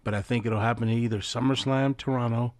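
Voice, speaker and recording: A man's voice: mid-range voice, fairly even intonation, fast talker, no room sound. A man co-hosting a wrestling podcast, confidently laying out his predictions in casual chat. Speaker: podcast co-host.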